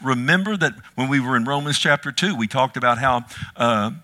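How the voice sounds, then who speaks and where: A man preaching a sermon to his congregation, emphatic, dropping to a hush and then rising loud, often asking the listeners questions. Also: medium pitch, animated, fairly quick. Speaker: pastor.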